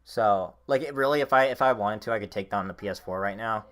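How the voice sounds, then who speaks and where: His voice is on the low side and a bit bright, moving at a quick pace. He's a young man co-hosting a casual podcast, rambling along with plenty of fillers and swearing, all while hiccuping.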